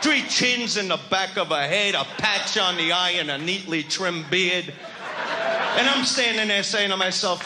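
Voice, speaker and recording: A man's voice: sits high, big pitch swings, unhurried. Brash, swaggering male stand-up comic. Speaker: stand-up comedian. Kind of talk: live stand-up routine. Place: comedy stage before an audience. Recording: live show with loud crowd laughter and noise.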